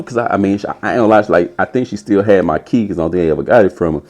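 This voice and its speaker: Low-voiced young man telling a story. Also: quick pace, few pauses. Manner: animated, acts out quotes in a high voice. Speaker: podcast host. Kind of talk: casual storytelling.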